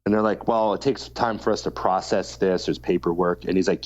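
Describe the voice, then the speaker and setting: A man's voice: deep voice, a little fast, few pauses, darkish tone, highs cut off. A man co-hosting a podcast, telling a long story in casual chat and swearing freely. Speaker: podcast co-host.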